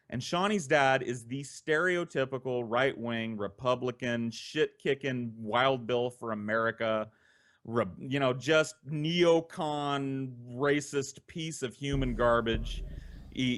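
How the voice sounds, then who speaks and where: A man hosting a podcast, telling a story from his childhood in a casual, profane, animated way. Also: medium pitch. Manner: profane, animated, with laughter in between.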